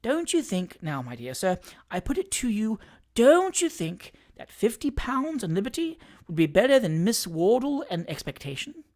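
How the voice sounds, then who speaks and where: Heard first is a fussy little attorney who keeps soothing and wheedling, as a reader puts him on for an audiobook. His pitch swoops up and down with lively ease. He is an ingratiating, bustling man of the law. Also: normal speed. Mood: coaxing. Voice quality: soothing, wheedling, keeps repeating "my dear sir". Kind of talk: audiobook character reading.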